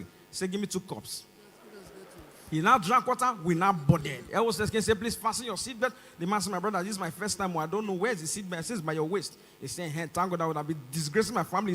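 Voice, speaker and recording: Stand-up comic, Nigerian man, Nigerian accent, high-pitched and piercingly bright, live mic with faint hum. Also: in a large hall. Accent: Nigerian English. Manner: acts out both sides of the dialogue, rising to shouts. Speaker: stand-up comedian. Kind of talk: stand-up comedy. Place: large concert stage.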